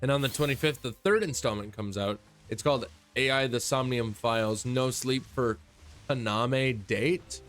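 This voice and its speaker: A man's voice: medium pitch, normal speed, a bit bright, soft background music. A man chatting casually on a stream, rambling and laid-back and swearing freely.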